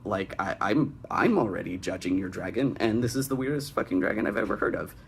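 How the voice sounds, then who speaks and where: Sarcastic young man with a gravelly voice. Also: deep voice, expressive, brisk, a little hiss or hum. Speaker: fanfic critic and host. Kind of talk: comedic reading and critique.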